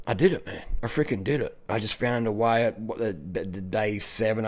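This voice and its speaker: An Australian man telling a long, rambling story on his own channel, excitable and loose, peppering his talk with "man" and mild swearing. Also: lowish voice. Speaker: cycling vlogger. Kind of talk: casual monologue.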